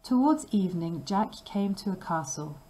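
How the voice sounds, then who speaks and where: A woman reading a fairy tale aloud slowly and carefully for language learners. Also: medium pitch, lively intonation, mellow, low-quality recording. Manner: slow, careful and clearly paced. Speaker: storybook reader.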